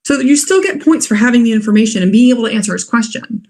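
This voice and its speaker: A woman's voice: fairly high pitch, lively intonation, fast talker, a little mellow. A young woman giving practical advice on moot court arguments in an informal, earnest way, with fillers and restarts. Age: young adult.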